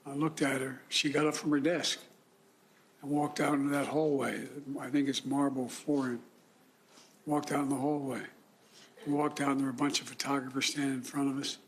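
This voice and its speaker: An older man from the United States giving a formal, solemn speech, often clearing his throat. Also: mid-range voice, a bit bright. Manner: measured, solemn delivery with frequent throat clearing. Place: indoor room.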